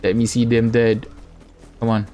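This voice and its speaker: A man's voice: medium pitch, little pitch movement, normal speed, dark tone, dull audio, soft background music. A man casually commentating a video game in a joking, offhand way. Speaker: gaming streamer.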